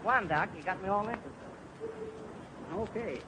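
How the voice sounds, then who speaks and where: A man's voice: high-pitched, normal speed, lightly acted. A man playing a bragging folksy yarn-spinner. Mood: boastful. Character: boastful tall-tale-telling middle-aged man. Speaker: comic storyteller. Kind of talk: 1930s radio comedy acting. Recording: noisy old radio broadcast.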